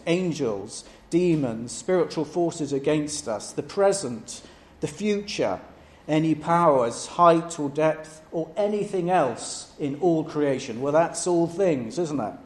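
A man preaching a sermon, measured and emphatic, stressing each item in his lists. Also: a little high, darkish tone. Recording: echoey room with faint background noise.

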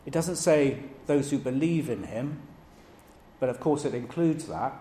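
A man preaching a sermon, measured and emphatic, stressing each item in his lists. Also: medium pitch, warm tone. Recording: echoey room with faint background noise.

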